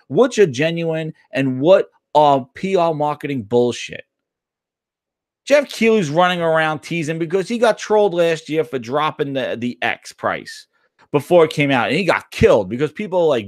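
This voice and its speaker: A man's voice: high voice, no room sound, clean studio sound. A man hosting a gaming talk show, ranting casually, swearing and rambling with many restarts. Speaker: gaming channel host. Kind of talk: casual opinion rant.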